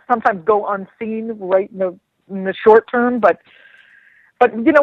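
A woman's voice: medium pitch, no echo. Woman, radio guest, chatty, rambling restarts, dull lo-fi sound, dry. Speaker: guest commentator. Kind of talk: casual radio chat.

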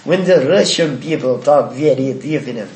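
A Brazilian man whose first language is Portuguese chats casually in English with an accent, stumbling and repeating words as he hunts for the right phrasing. His mid-range voice has a darkish tone and a normal speed. The room is echoey, with faint noise.

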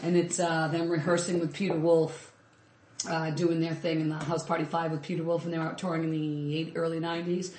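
A podcast co-host telling a story in a lively, laughing way during casual chat. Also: mid-range voice, fairly quick, echoey room, slight background noise.

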